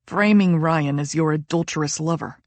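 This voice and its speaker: A woman voicing a calm, measured man. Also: sits low, dry recording, voice pushed down, close to an everyday voice. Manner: measured, deliberate, slightly formal phrasing. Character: calm, measured man, steady older-brother type. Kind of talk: audiobook character reading.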